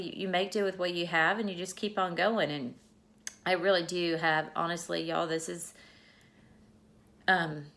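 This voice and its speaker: A woman's voice: on the low side, pushed and bright. A middle-aged woman teacher, talking to camera in a rambling, emotional vlog.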